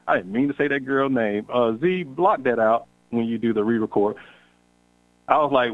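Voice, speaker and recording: A man's voice: mid-range voice, fairly quick, phone-quality sound. A man hosting a podcast, telling a personal story in a candid, casual way and acting out the dialogue. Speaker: podcast host.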